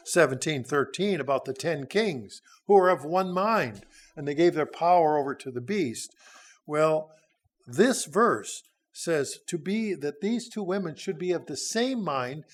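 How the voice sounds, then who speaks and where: A man in his sixties giving a sermon, teaching through a Bible passage in a folksy, conversational way with frequent hesitations. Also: on the high side. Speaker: church speaker.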